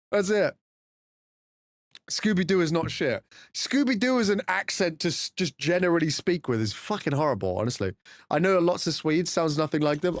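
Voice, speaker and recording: A man's voice: a little high, no room sound. A young adult man streaming a game, chatting loosely with his chat, swearing freely and greeting viewers by name, on a close desk mic. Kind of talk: casual live-stream chat.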